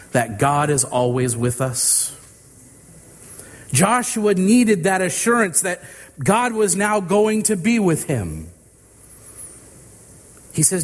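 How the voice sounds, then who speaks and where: A man preaching a sermon in a slow, measured delivery, letting dramatic pauses hang between phrases. His voice sits somewhat high for a man. The sound carries a long reverb, as in a large hall.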